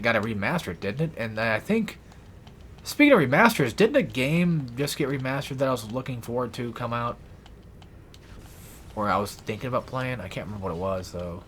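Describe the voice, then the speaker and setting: A man rambling through a let's play with lively ups and downs in his pitch, swearing freely and making fun of himself. He sounds a little winded, with a middle-pitched voice. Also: slight background noise. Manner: rambling, profane, self-deprecating. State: out of breath. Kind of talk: casual gameplay commentary.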